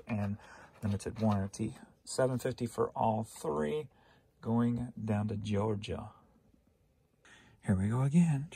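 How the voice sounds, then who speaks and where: Fairly low in pitch, creaky and a bit breathy, this man's voice belongs to a weary reseller vlogger from St. Louis, Missouri. Alone on camera, he rambles casually about his sales, poking fun at himself and chuckling quietly.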